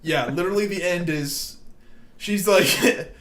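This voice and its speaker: A man's voice: high voice, takes it slowly, a bit bright. A young man hosting a podcast, telling a story in casual chat with frequent laughter and swearing. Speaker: podcast host.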